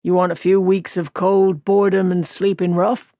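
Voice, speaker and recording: A calm middle-aged farmer and father, firm and unhurried, spoken fairly low and dry. A woman reads him in an audiobook, close to her own voice. He speaks in a way that brooks no argument. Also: dry recording, natural voice.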